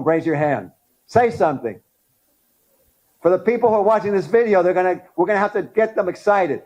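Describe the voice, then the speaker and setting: A middle-aged man of Cuban background giving an animated talk at a dental conference, firing questions at the audience. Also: sits high, fairly quick, muffled recording.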